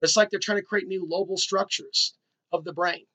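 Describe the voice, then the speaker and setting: A man talks in a meandering, free-flowing monologue and drifts from one tangent to the next. His voice sits a little high and has a bright, forward edge. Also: fairly even intonation, normal speed. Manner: rambling and conversational, drifting between tangents. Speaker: video host.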